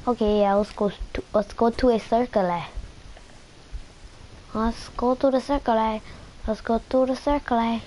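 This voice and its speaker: A woman streaming a game in a slow, drawn-out voice, trash-talking and cursing as she plays. She repeats her taunts over and over. Faint background noise and clicking sit under her voice. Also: on the high side, steady tone, dark tone, poor audio. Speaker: gaming streamer. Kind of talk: casual gameplay commentary.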